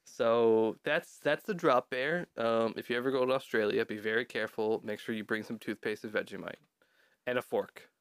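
A man's voice: mid-range voice, normal speed, smooth, no echo. A man hosting a casual podcast, telling a folklore story in a joking, mock-serious way and swearing often. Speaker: podcast host.

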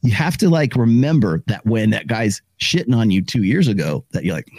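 A man's voice: fairly low pitch, big pitch swings, brisk, few pauses, a little mellow, slightly rough, dry recording. A man hosting a casual conversation, rambling and acting out what other people said. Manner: rambling, acts out quoted voices.

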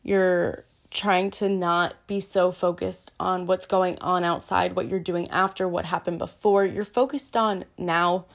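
A woman's voice: lowish voice, fairly even intonation, measured pace, vocal fry, few pauses. A woman teaching yoga in a casual, earnest way, chatty and self-deprecating, with lots of "um" and "like". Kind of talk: casual explanatory talk.

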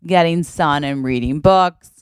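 A woman's voice: low voice, unhurried, clean tone, dry recording, clean studio sound. A woman co-hosting a comedy podcast, playfully improvising a story with frequent giggles. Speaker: podcast co-host.

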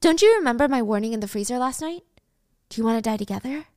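Woman doing a calm fearless schoolgirl, flat cool delivery, kinda high voice. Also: quick pace, no room sound, clean studio sound, natural voice. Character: cold, fearless teen schoolgirl.

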